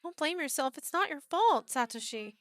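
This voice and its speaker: A woman voicing an earnest, comforting teenage schoolgirl from a horror game, in a soft, reassuring voice. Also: high voice, lively intonation, moderate pace, voice pushed up. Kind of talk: reading game dialogue aloud.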